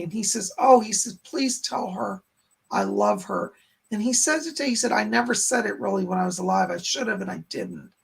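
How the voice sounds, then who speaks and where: Very gravelly, husky-voiced man medium. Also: high voice. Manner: relays spirit messages, repeating "he said" and "she said"; thanks viewers warmly and reads their chat aloud. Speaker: psychic medium. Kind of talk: live-stream psychic readings.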